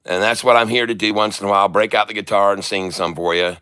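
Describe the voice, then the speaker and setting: Bright-voiced man chatting on a live stream. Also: lowish voice, steady tone, fast talker, few pauses, clean tone. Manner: joking, talks straight to the chat. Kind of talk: casual live stream chat.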